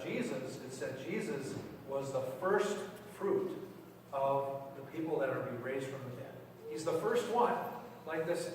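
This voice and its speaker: A man preaching in a church, talking plainly with the children and asking them questions before his sermon. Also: a little high. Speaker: pastor. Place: church sanctuary. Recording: echoey church from far off, faint hiss.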